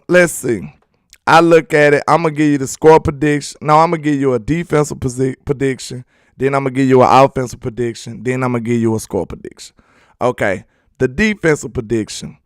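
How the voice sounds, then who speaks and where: A man's voice: mid-range voice, clear, resonant tone, dry recording, studio quality. A young man hosting a casual football livestream, talking loosely to his chat and laughing often. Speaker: sports channel host.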